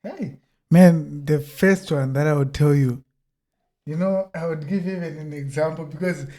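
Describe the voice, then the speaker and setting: A man's voice: on the high side, normal speed. A young man from Zimbabwe telling stories as a podcast guest, acting out quoted lines and laughing often. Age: young adult. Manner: animated storyteller, acts out quotes loudly, laughs often. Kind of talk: casual chat.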